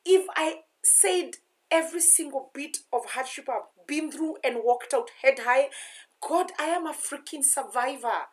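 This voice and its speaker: Young woman, slightly high voice, earnest confessional vlogger who repeats affirmations to herself. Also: unhurried. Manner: earnest, repetitive self-affirmations. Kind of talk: personal confessional vlog.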